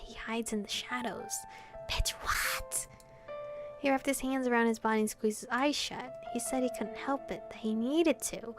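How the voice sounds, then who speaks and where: A woman voicing a frightened, guilty teenage brother in a hushed, urgent whispered role-play. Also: a little high, steady tone, moderate pace, music in the background, lightly acted. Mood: fearful.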